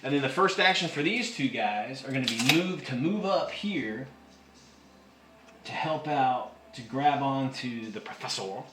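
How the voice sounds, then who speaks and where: A man running a tabletop wargame, casual and excitable, counting dice out loud. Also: medium pitch, measured pace, noisy background. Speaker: game master. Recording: echoey room with music behind.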